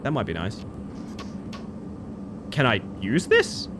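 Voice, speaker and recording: A man, chatting excitedly as he streams a game live. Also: medium pitch, slow pace, noisy background. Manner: excitable, chatty, bursts into loud exclamations. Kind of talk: live gameplay commentary.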